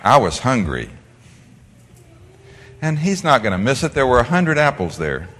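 This Dutch pastor preaches at a normal pace in a mid-range voice, swinging animatedly and hammering key words before easing into soft, gentle storytelling. A long reverb trails his words as though he fills a vast sanctuary, with a faint hiss or hum underneath.

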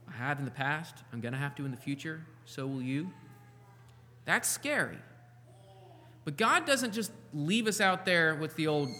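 Male pastor, bright tone, higher-pitched voice, easygoing preaching style, long hall reverb. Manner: conversational, animated preaching with asides. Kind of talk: sermon.

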